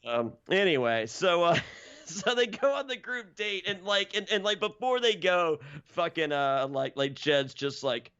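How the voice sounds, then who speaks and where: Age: adult. Sex: man. Role: podcast host. Style: animated, swear-heavy casual recap. Sound: somewhat high voice, slightly muffled lo-fi audio. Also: unhurried, smooth. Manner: animated, profane storytelling with frequent fillers.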